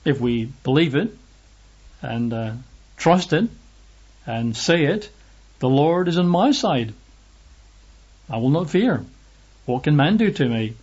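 A man's voice: a little high, sing-song, slow, long pauses, a little mellow, breathy edge, highs cut off. A man preaching a sermon and reading Bible verses aloud, stressing his points by repeating phrases.

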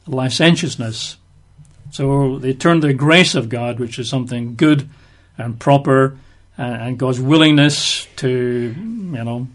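A man giving conversational Bible teaching, explaining verses with everyday examples. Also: mid-range voice.

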